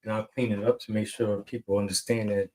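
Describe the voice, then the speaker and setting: A man's voice: fairly low pitch, level tone, a little fast, a little mellow, poor audio. A man co-hosting a podcast, rambling and teasing in casual chat. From New York. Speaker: podcast co-host.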